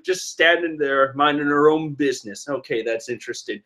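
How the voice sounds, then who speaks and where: A man casually reading and reacting to a comic chapter, animated and rambling with restarts. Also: a little high, moderate pace.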